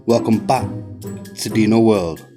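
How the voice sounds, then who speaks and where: A man hosting a mock bingo game and heckling a video with swearing, in a slow drawl. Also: fairly low pitch, music in the background. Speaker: comedy video host. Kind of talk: mock game-show commentary.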